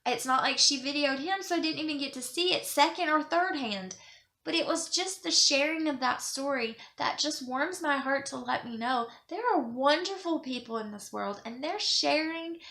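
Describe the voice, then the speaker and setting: A woman's voice: high-pitched, normal speed, pushed and bright. A young woman vlogging in a casual, rambling way, earnest and close to tears as she talks about kindness. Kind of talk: casual monologue to camera.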